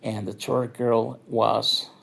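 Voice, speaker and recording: Gravelly, slow-talking man. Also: medium pitch, level tone, a bit bright. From northern Mexico. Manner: meandering, profane, filler-heavy. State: tipsy. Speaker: nightlife vlogger. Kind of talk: rambling drunk review monologue.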